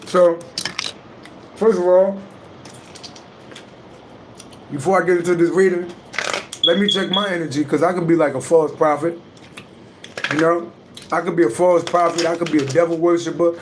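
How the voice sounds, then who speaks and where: A man's voice: on the high side, a little hiss or hum. Blunt, preachy man on a livestream. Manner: blunt, preachy, profane, emphatic. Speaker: livestream host, astrology reader. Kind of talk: casual livestream talk.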